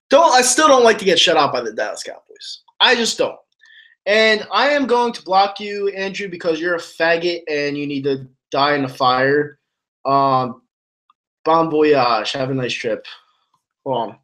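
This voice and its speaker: A man's voice: fairly high pitch, bright, forceful tone. A man ranting angrily about his football team while answering viewers' comments, swearing a lot and stumbling over his words. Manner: angry, profane, rambling with restarts. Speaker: sports fan streamer answering chat. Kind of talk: ranting live stream commentary.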